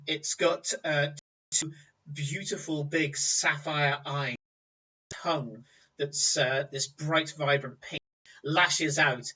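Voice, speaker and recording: Bright-voiced male game master, distant. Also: a little high. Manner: vivid descriptive storytelling. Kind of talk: narrating a tabletop game. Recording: distant, muffled recording.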